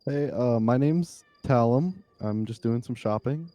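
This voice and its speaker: A man's voice: mid-range voice, measured pace, mellow, dry recording, highs cut off. A man playing his character in a tabletop game, hesitant and correcting himself as he speaks. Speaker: player. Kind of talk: in-character role-play.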